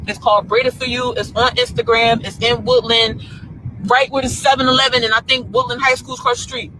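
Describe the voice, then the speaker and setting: A woman's voice: fairly high pitch, bright, forceful tone, poor audio. A woman ranting in a heated, profane, repetitive way about a bad salon visit, outdoors near traffic. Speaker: salon customer. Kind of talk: angry vlog rant.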